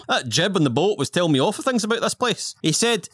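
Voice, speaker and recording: This YouTuber's high, expressive, fairly bright voice moves at a normal pace as he plays a video game. He delivers cheeky, rambling commentary in character while game music plays behind him.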